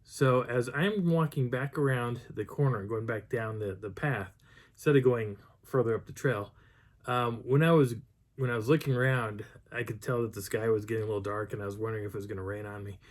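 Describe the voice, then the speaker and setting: A Bigfoot researcher from the Colorado high country talks fairly quickly in a mid-range voice. His casual, rambling account of a mountain hike keeps restarting, and he breaks off to mimic the voices of people he met along the way.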